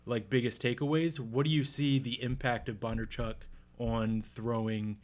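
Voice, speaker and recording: Man asking halting, searching questions. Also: medium pitch, steady tone. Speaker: podcast host. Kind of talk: casual podcast interview.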